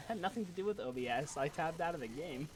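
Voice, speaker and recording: A man casting a live esports match with play-by-play commentary, getting excitable as fights build. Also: normal speed. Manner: excitable, builds in pitch and volume during fights. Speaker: esports caster.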